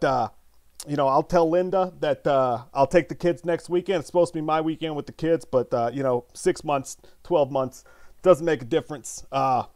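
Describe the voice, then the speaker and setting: A man playing a sleazy, boastful male doctor who rambles smarmily with lots of halting fillers. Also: a little high, a little mellow, dry recording, studio quality, natural voice.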